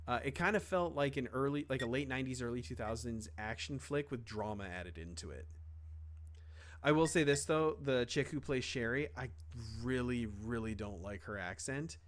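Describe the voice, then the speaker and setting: A man's voice: mid-range voice, animated, normal speed, fairly bright tone. A young man co-hosting a podcast, talking casually with lots of fillers, restarts and offhand swearing. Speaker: podcast co-host. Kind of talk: casual chat.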